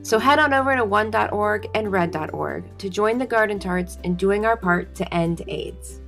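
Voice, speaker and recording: A woman's voice: medium pitch, normal speed, vocal fry, over music. A woman co-hosting a podcast, reading a scripted charity announcement in an upbeat, announcer-like way. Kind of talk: scripted read.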